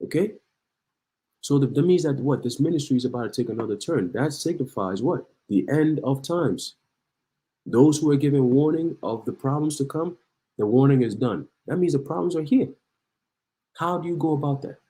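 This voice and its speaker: Heated preaching man, warm dark voice. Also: mid-range voice, animated, moderate pace, long pauses, rough recording. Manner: heated, preachy, reads news aloud then rants. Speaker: online preacher. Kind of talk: preaching commentary on news.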